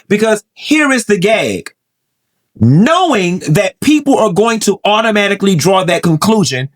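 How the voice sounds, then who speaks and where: A man with a slightly high voice hosts a celebrity gossip show. He rants in a sassy, blunt and profane way. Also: a bit bright. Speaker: host.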